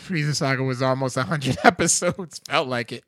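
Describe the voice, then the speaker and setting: A man in his thirties, co-hosting a podcast in a casual chat, telling excitable, slangy stories. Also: mid-range voice, a little fast, no room sound, clean studio sound. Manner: animated storyteller, slangy and excitable. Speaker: podcast co-host.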